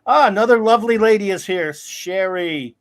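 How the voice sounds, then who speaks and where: Guy cohosting a livestream, kinda high voice, goofy casual chat shouting out viewers. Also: moderate pace. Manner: jokey, greets viewers by name. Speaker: co-host of a live streamed show. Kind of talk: casual live-stream chat.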